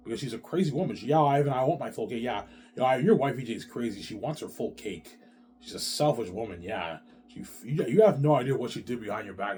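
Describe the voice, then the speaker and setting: A man's voice: mid-range voice, dark tone, slight background noise. A man talking on his own in a long, rambling, repetitive monologue, with heavy swearing and slang. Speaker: vlogger.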